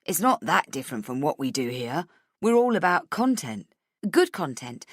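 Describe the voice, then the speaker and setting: A woman voicing a bubbly, pushy young female coworker who gushes with excitement. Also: low-pitched, moderate pace, dry recording, clean studio sound. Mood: excited. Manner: gushing, excitable.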